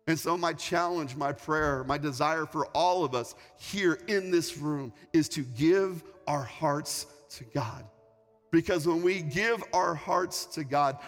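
A man's voice: fairly high pitch, slow pace, fairly bright tone. A male pastor preaching a sermon in a large church hall, talking in a conversational, repetitive, storytelling way. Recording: long hall reverb, faint music.

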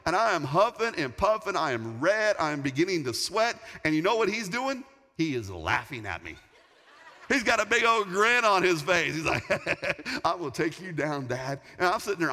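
A man in his forties, a pastor, preaching a sermon with animated, emphatic storytelling. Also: high-pitched. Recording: long hall reverb.

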